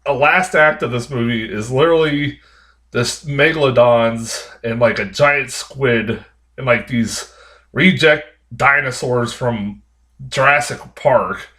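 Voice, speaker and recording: A man's voice: mid-range voice, slow, bright, forceful tone. A man giving a casual spoken movie review, ranting in an exasperated, profane way with frequent laughs and rambling restarts. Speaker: film reviewer.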